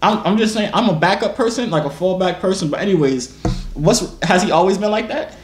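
A man, teasing strangers on a video call. His pitch jumps around a lot as he talks. The recording sounds echoey, with faint background noise. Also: expressive, fairly quick. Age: 30s. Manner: joking, flirty, teasing. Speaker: host. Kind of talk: casual video chat with strangers. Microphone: phone or webcam.

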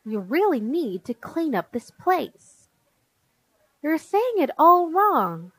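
A bossy little girl, put on by a woman reading aloud, who insists and complains in a high voice that swings up and down. She talks slowly and deliberately. The sound is close and dry. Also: sing-song, no echo, exaggerated voice, rough recording.

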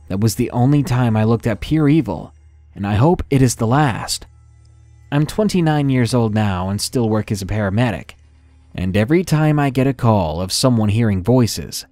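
A man reading a first-person horror story in a measured, dramatic narration style. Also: on the low side, warm tone, dry recording.

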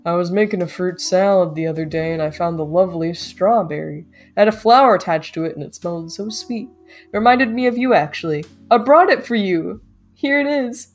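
A sweet, humble rat suitor from a game, speaking softly and earnestly, as a woman reads him. The tone is a little low, with faint music in the background. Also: fairly quick. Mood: tender.

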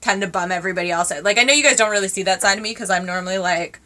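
A woman in her twenties chatting casually to her viewers as she unboxes gifts, gushing and excitable with lots of fillers. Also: medium pitch, very fast, slight background noise. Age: 20s. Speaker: vlogger.

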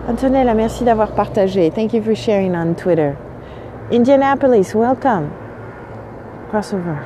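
A woman's voice: mid-range voice, lively intonation, normal speed, noisy background. Sleepy-voiced French woman on a phone stream. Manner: greets viewers warmly, switching between French and English. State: voice still sleepy in the early morning. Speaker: livestream host. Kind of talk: casual live-stream chat. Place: outdoors on a windy seaside morning.

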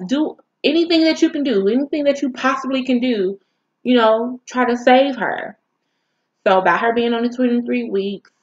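A woman vlogger telling a painful personal story in an emotional, halting, candid way. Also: medium pitch, dull audio.

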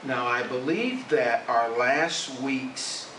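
A man speaks very slowly and haltingly, leading a class discussion. He is heard from a distance in an echoey room, with clear background noise. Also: mid-range voice. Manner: slow, thoughtful, halting. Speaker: class leader.

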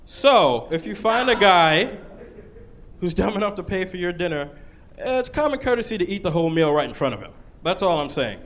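A man performing a stand-up comedy set on a club stage, lively and jumping into shouted put-on voices. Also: high-pitched, normal speed. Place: comedy club stage under hot lights.

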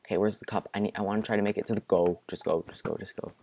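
A man's voice: fairly low pitch, steady tone, very fast, few pauses, warm tone, slight background noise. A man giving live gameplay commentary, jumping from muttering and near-whispers to panicky outbursts. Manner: drops to a near-whisper at times. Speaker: gaming commentator.

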